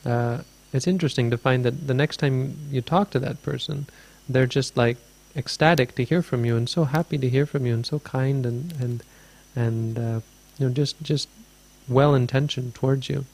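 A man's voice: mid-range voice, steady tone, normal speed, creaky, few pauses, darkish tone. A man teaching as a Buddhist teacher, answering a question in a dharma talk with meandering, thoughtful storytelling.

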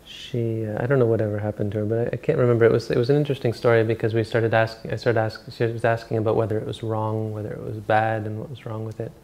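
A man giving an informal Buddhist dharma talk as a monk teacher, rambling and halting with many restarts and self-corrections. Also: lowish voice, flat delivery, darkish tone.

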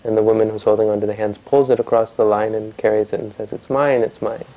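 A man's voice: fairly low pitch, completely flat delivery, fast, dark tone, low-quality recording. A man telling a traditional story to a family audience in a conversational way, asking his listeners questions and often restarting his sentences.

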